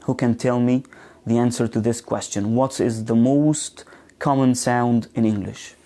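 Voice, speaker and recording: A man with a mid-range voice and a steady, warm tone teaches a live online pronunciation class. Speaking slowly and hesitantly with many fillers, he models words and asks students questions.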